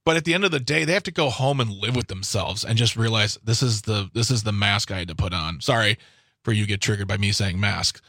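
A man's voice: lowish voice, a little fast, fairly bright tone, no echo. A man co-hosting a radio talk show, sounding exasperated and sarcastic, often stopping and restarting his sentences in a studio. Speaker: radio co-host. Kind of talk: casual political talk.

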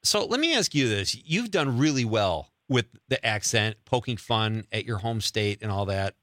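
Bright-voiced chatty male host. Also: lowish voice, animated, normal speed, dry recording, clean studio sound. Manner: chatty, laughs along, upbeat. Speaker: interview host. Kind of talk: casual interview chat.

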